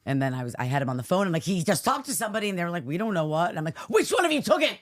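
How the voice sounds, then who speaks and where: A woman co-hosting a casual podcast chat, telling a story and acting out the people in it with lively voices. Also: low-pitched, rapid-fire, dry recording, studio quality. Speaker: podcast co-host. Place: studio.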